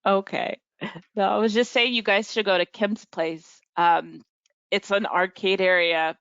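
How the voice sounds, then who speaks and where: A woman's voice: mid-range voice, steady tone, measured pace, fairly bright tone, smooth, dry recording. A woman chatting casually on a video call, hesitant, with many ums and likes. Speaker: support group member. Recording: muffled video call audio.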